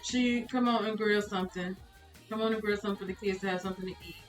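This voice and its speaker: A woman's voice: medium pitch, fairly even intonation, quick pace, reverberant, faint music behind, rough recording. A woman streamer commentating a life-sim game live, exasperated and laughing as she talks to her chat.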